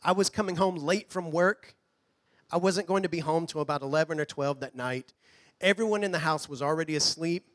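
A man preaching a sermon in a church, earnest, sometimes dropping to a hush. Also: on the high side, fairly quick. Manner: earnest preaching, drops to a hush on quoted lines. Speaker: pastor. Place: church hall.

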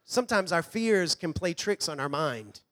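A man preaching a sermon in a church, earnest, sometimes dropping to a hush. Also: on the high side, very animated, moderate pace. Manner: earnest preaching, drops to a hush on quoted lines. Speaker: pastor. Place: church hall.

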